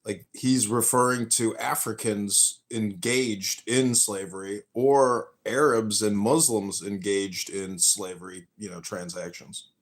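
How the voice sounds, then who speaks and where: A man hosting a political talk podcast, explaining his view in a measured way with some fillers. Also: on the low side, steady tone, slight background noise. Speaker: podcast host. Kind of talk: casual political discussion.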